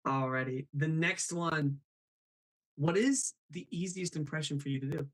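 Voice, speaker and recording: A man's voice: a little high, unhurried, low-quality recording. A man hosting a live show, chatting about voice impressions in a bubbly way, laughing often and reading out viewer comments. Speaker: host.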